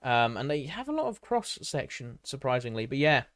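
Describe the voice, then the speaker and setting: Guy on a live stream reading history stuff out loud, trips over words and restarts, bouncy pitch, dry close sound. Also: sing-song, moderate pace, dry recording. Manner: reads aloud with many restarts and asides; chatty, answers live chat.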